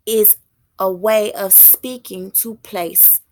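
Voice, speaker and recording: A woman teaching as a self-styled prophetess, thinking aloud in a halting way and stopping to read passages out. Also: mid-range voice, fairly even intonation, darkish tone. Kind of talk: slow spoken teaching.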